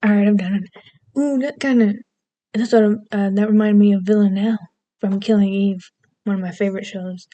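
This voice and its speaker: A woman's voice: mid-range voice, level tone, fairly quick, mellow, lo-fi sound. A young adult woman vlogging in rambling, goofy casual chat, self-deprecating and meandering between topics.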